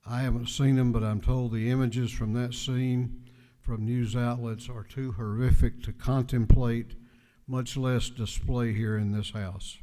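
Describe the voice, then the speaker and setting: Legislator, male, slow and measured podium speech, emphatic, reverberant chamber. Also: medium pitch, level tone, mellow. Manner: measured, emphatic, with repetitions for stress. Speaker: state legislator presenting a resolution. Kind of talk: formal floor speech. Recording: long reverb of a large chamber.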